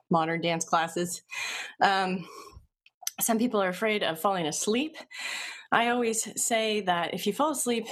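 Soothing woman hypnotist, lower voice. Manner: gentle, conversational, reads chat comments aloud; slow soothing induction voice. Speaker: hypnotherapist leading a live session. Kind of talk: live-stream group hypnosis session.

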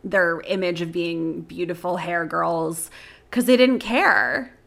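A woman's voice: fairly low pitch, slow, gravelly, fairly bright tone. A young woman co-hosting a podcast, chatting casually with many fillers and frequent laughs. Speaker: podcast co-host. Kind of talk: casual recap chat.

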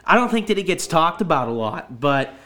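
Man, podcast host, fairly high voice, talks in loops and restarts. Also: sing-song, a little fast, sharp tone. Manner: rambling, repeats words as he restarts. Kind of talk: casual chat.

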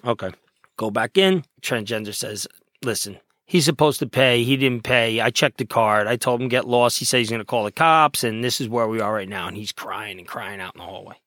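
A man from New Jersey, a police detective, tells a story in short broken phrases and laughs often between them. His voice sits at an ordinary middle pitch. The sound is dry and close with no room around it. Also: brisk, bright, forceful tone, no room sound. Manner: choppy clipped phrases, laughing through stories. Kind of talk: casual storytelling.

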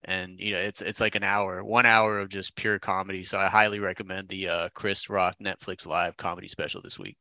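A man's voice: sits low, level tone, fairly quick, few pauses, bright, forceful tone, no echo. A man co-hosting a podcast over a video call, talking in an easygoing way and giving advice. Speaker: podcast co-host. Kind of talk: casual podcast chat. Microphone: remote call mic.

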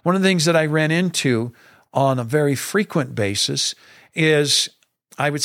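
Middle-aged male pastor, slightly high voice, earnest and emphatic, podcast talk, dry close mic. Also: moderate pace, fairly bright tone, dry recording. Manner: earnest and emphatic, preacher cadence.

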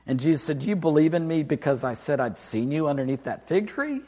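A man preaching a sermon, reading scripture aloud and explaining it with emphatic, animated delivery. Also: fairly high pitch, brisk. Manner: animated, rising and falling for emphasis, acts out quoted lines.

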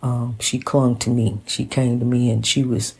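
A woman's voice: rumbling low, level tone, moderate pace, vocal fry, a little mellow. A woman talking straight to camera in a personal testimony, preachy and repetitive, often calling the listener honey. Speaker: vlogger.

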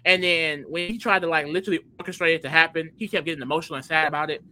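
A podcast co-host recapping a reality competition episode in excitable casual chat, peppering speech with "like.". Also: medium pitch, racing, poor audio. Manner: excitable, animated, fills talk with "like".

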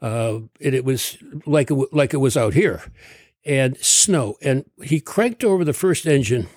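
An older man from Connecticut, a doctor being interviewed, telling a rambling story and clearing his throat often. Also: mid-range voice, lively intonation, a little slow, darkish tone, no room sound, clean studio sound. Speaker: guest, doctor.

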